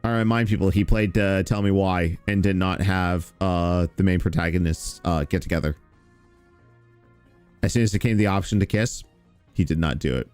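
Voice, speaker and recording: A man's voice: deep voice, moderate pace, darkish tone, clear, resonant tone, faint music behind. A man hosting reaction commentary, talking in a sarcastic, mocking, profane way. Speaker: streamer commentary host. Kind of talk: reaction commentary on stream clips.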